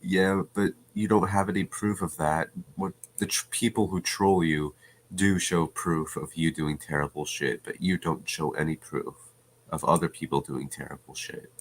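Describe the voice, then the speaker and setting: A man's voice: rumbling low, fairly even intonation, normal speed, slight background noise. A man hosting reaction commentary, speaking in a scornful, dismissive way. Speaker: channel host.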